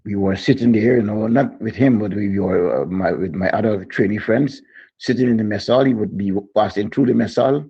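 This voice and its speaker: A Guyanese man tells his memories in a phone voice note, in a low, gravelly and husky voice. He rambles from one anecdote to the next, with plenty of fillers. The recording is dull and lo-fi. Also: normal speed. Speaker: caller leaving a voice note. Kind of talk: reminiscing condolence message.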